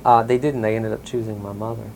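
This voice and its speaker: Man, from the US South, gravelly voice, rambling interview storytelling, ums and soft chuckles. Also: on the low side, flat delivery, quick pace, a little hiss or hum, poor audio. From Mississippi, US South. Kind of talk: casual oral-history storytelling.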